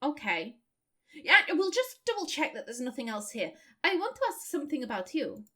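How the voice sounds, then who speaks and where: A woman's voice: sits high, very animated, normal speed, a bit bright. A woman hosting a let's play, chatting animatedly through casual gameplay commentary and reading dialogue aloud.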